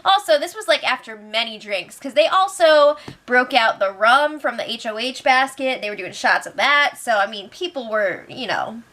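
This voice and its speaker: A young woman with a high voice hosts a casual recap. She talks in a chatty, sarcastic way, laughs often, and slips into quick impressions of the people she describes. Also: expressive, sharp tone. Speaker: show recap host.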